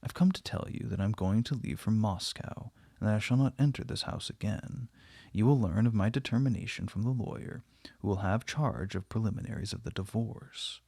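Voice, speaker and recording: A man's voice: fairly low pitch, moderate pace, vocal fry, mellow, breathy edge, dry recording, clean studio sound. A man reading the part of a cold, stern middle-aged husband who speaks severely and with heavy emphasis. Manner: severe, emphatic, stammering when upset.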